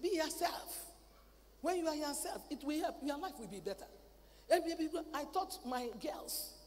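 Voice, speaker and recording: A woman preaching a sermon at a convention. She talks in a lively way, acts out family dialogue and repeats words. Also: sits high, normal speed. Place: large convention hall. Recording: reverberant hall, faint ambient noise.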